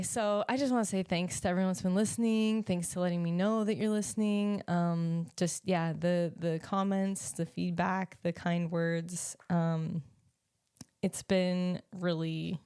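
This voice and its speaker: A woman's voice: mid-range voice, darkish tone, clear, resonant tone, no echo, clean studio sound. A young adult woman hosting her own podcast alone, chatting casually and rambling with many ums and restarts. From United States. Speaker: podcast host and life coach. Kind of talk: casual solo podcast chat.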